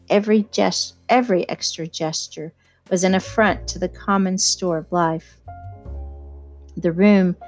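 A woman reading a novel aloud in first-person narration, measured and even. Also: fairly low pitch. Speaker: audiobook reader.

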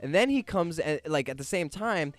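Smooth, dry-voiced young man telling a story. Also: fairly high pitch, moderate pace, no room sound. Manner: animated, swears freely, laughs through the story. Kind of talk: casual first-person storytelling.

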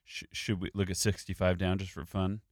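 A man's voice: deep voice, level tone, fairly quick, no echo, studio quality. A man working through a crossword with friends in casual chat, thinking aloud with hesitant restarts. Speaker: crossword solver leading the puzzle.

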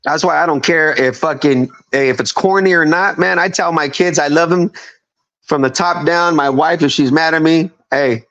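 A man's voice: a little high, normal speed, fairly bright tone. Profane, rambling fifty-year-old man. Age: 50s. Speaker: podcast guest. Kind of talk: casual storytelling. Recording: dull lo-fi sound.

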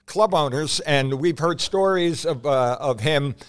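A man in a casual podcast chat, speaking hesitantly with many pauses and dry quips. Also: on the high side, smooth.

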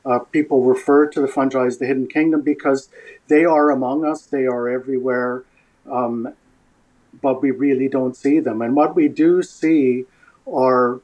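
A man's voice: medium pitch, steady tone, moderate pace, darkish tone, highs cut off. A man from Canada, a scientist guest on a podcast, explaining at an easy pace and repeating words as he starts sentences. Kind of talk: casual interview.

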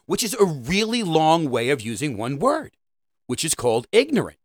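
A man's voice: on the high side, big pitch swings, moderate pace, no echo. A middle-aged man delivering a rambling, sarcastic comedic monologue about parenting. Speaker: comedic host.

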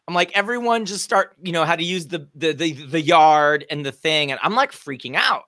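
A middle-aged woman telling a funny story in casual chat, animated and rising to shouts at the big moments. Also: on the low side, moderate pace, hardly any pauses, no room sound, studio quality. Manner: animated, builds to shouting peaks at the punchlines.

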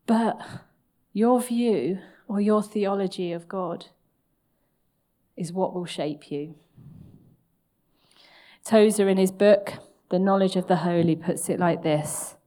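A woman preaching to her congregation, telling a story against herself with candour and bursts of laughter. Her pitch sits in an ordinary middle range for a woman. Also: slow, pauses often, warm tone. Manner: candid, self-mocking storytelling with laughs. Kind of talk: sermon with personal story.

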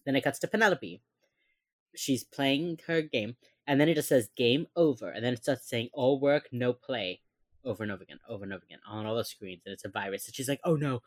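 A woman's voice: extremely low pitch, fairly quick, no room sound. A woman co-hosting a casual chat, retelling scenes with lots of energy, acting out lines and laughing often. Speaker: podcast co-host recapping a TV episode.

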